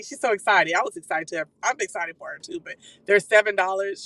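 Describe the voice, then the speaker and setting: Live streamer gossiping from the car, bright punchy voice, quick and salty. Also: mid-range voice, dry recording, low-quality recording. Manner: animated, profane, quick-talking. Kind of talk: casual gossip recap. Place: car while driving.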